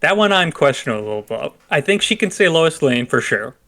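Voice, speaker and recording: A young man with a bright, clear-toned voice co-hosts a casual movie podcast. He talks in an easygoing, agreeable way, with plenty of fillers and restarts. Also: a little high, sing-song, brisk. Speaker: podcast co-host.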